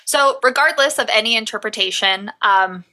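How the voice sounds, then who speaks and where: A young woman co-hosting a podcast, talking in a loose, chatty way. Her voice is bright and forward, and she moves between history and jokes without slowing down. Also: a little high. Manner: chatty, laughs often, mixes history with jokes. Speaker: podcast co-host. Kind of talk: casual chat.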